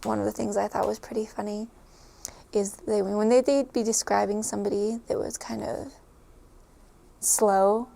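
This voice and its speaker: Giggly woman with a gravelly edge. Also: medium pitch, fairly even intonation, normal speed, pauses often, mellow. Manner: chatty and giggly, many fillers. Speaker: storyteller recalling a stay abroad. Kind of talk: casual chat to camera.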